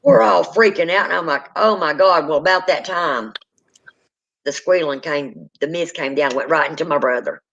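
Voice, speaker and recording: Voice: medium pitch, normal speed, vocal fry, a bit bright, a little hiss or hum. A speaker, telling a true ghost story in casual spoken style and acting out the people in it. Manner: dramatic, acts out quoted people. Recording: dull lo-fi sound.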